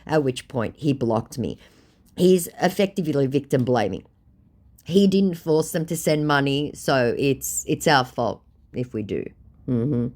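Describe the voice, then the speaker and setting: A woman's voice: very deep voice, expressive, a little slow, a little mellow. An Australian woman casually recounting chats in a blunt, sarcastic manner. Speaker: scam-baiting vlogger.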